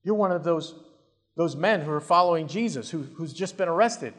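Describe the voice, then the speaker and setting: A man's voice: on the high side, moderate pace, a bit bright, natural voice. A man acting out a young servant girl pointedly accusing a stranger. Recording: long hall reverb.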